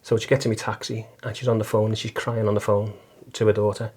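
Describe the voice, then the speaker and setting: A man's voice: on the low side, little pitch movement, fast talker, a little mellow, husky. A middle-aged man with a Liverpool accent, telling his faith story earnestly as an interview guest, often stumbling and repeating words. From Liverpool, England. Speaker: guest, taxi driver and volunteer listener. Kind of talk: casual testimony interview.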